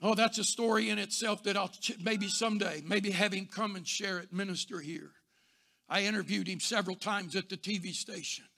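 A man preaching a sermon, telling stories and rising to shouts before dropping soft. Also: high-pitched, steady tone, brisk, creaky. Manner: builds to shouting, then drops soft. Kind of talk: sermon with storytelling.

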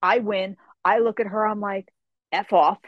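Lebhafte junge Frau erzählt eine Geschichte. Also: female voice, medium pitch, normal speed, no room sound, muffled recording. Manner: animated, acts out the people in her story, swears casually. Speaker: guest. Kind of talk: storytelling.

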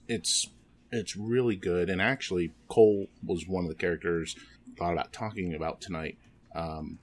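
A man talking casually on a podcast, halting and full of ums and restarts. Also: deep voice, slight background noise. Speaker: podcast guest.

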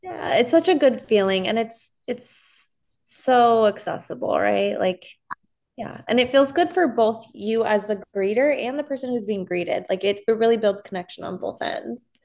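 A woman therapist in her thirties, a guest on a podcast. She talks calmly and gently in an easy, conversational tone. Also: fairly high pitch, normal speed. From Southern California. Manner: calm and gentle. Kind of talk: casual interview chat.

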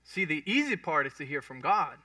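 A man's voice: on the high side, sing-song, fairly quick, bright, forceful tone, no room sound, far from the mic. A man preaching a sermon in a conversational way, often checking in with his congregation. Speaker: pastor. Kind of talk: sermon teaching.

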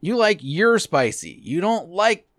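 A man's voice: high-pitched, very animated, a little slow, fairly bright tone, no echo, clean studio sound. A man hosting a podcast, chatting loosely and rambling with lots of swearing and laughs. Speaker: podcast host. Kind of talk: casual profane chat.

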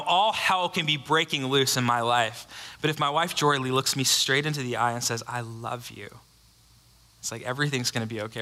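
A male pastor preaches with a bright, forceful tone, a little higher than most men. He tells the story earnestly and drops to a hush on key lines. His voice rings out in a hall with long reverb. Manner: earnest storytelling with quiet, hushed emphasis. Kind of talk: sermon.

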